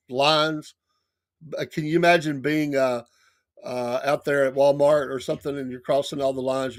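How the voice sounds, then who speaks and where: A middle-aged man with a slightly high-pitched voice tells a long story. He hosts a morning show, and he stumbles and restarts as he goes. He acts out each quoted line with lively swings in tone. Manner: animated, acts out quoted lines with laughs and restarts. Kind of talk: casual storytelling monologue.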